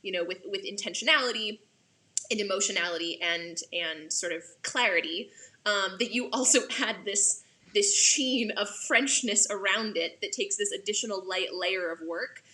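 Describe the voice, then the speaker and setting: A woman's voice: mid-range voice, normal speed, pushed and bright. A woman directing a play, chatting with an actor over a video call, gushing and laughing often, rambling with fillers. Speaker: assistant artistic director, director of the play.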